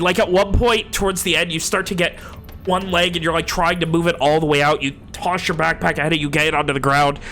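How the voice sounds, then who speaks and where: A man runs a tabletop game with a bright, ringing tone, pitched a little above most men. He narrates the action casually, swears freely and acts out the players' reactions, with soft music underneath. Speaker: game master.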